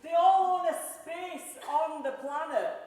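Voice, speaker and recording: A woman's voice: very high voice, a little slow, a crowd in the background. A middle-aged woman with a Yorkshire accent giving a motivational keynote speech on sales, blunt and jokey with mild cursing. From Yorkshire, England. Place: large conference hall. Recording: reverberant conference hall.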